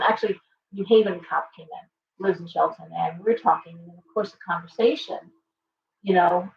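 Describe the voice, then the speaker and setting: A woman's voice: fairly low pitch, creaky. A woman hosting a live stream, rambling casually and greeting viewers by name. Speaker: shop owner and live show host. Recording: roomy, distant, dull lo-fi sound with faint hum.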